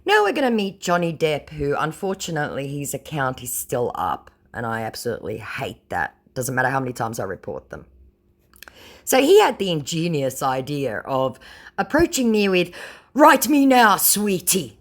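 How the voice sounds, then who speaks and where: A woman's voice: a bass voice, sing-song, moderate pace. An Australian woman who recounts chat messages aloud in a sarcastic, mocking way. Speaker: scambaiter and host.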